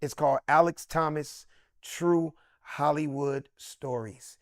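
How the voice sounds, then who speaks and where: A middle-aged man, a comedian, telling a story with excitable swings into loud, high bursts. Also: slow pace, no room sound, studio quality. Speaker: comedian guest. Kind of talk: animated storytelling.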